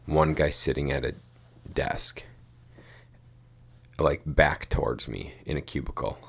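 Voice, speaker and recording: A man's voice: extremely low pitch, steady tone, takes it slowly, vocal fry, breathy edge. A man co-hosting a podcast, telling a rambling story in casual chat, swearing casually and saying "dude" and "like" a lot. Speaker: podcast co-host.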